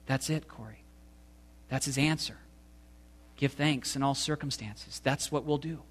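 A man reading aloud, voicing Betsy, a gentle devout woman prisoner, in a soft, calm, matter-of-fact way. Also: medium pitch, a little slow, natural voice.

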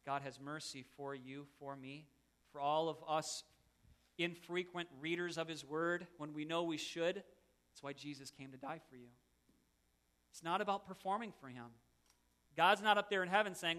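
A man's voice: fairly high pitch, a little fast, bright, forceful tone. A middle-aged man, a pastor, preaching a sermon in an earnest, conversational way with self-deprecating asides.

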